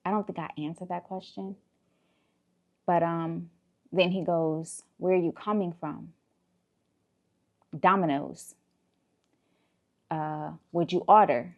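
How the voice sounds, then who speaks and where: A woman's voice: lowish voice, moderate pace, pauses often. Exasperated woman telling a story. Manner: animated, exasperated retelling with profanity. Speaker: vlogger. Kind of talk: casual storytelling.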